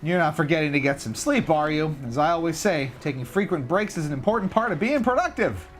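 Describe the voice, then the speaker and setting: A man reading out the lines of a friendly game townsperson who gives advice, quickly and matter-of-factly. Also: on the high side, animated, soft background music, lightly acted. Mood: advising.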